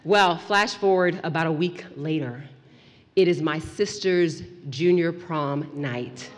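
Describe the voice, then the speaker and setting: A woman telling a story to an audience in an animated, playful way, dropping to a hush for suspense. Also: sits low, slow pace, long reverb tail. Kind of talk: lively storytelling talk.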